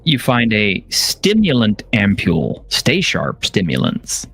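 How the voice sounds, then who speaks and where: A man running a tabletop game on a stream as game master, casual and chuckling, with halting fillers. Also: on the low side, huge pitch swings, creaky, a bit bright, slightly rough.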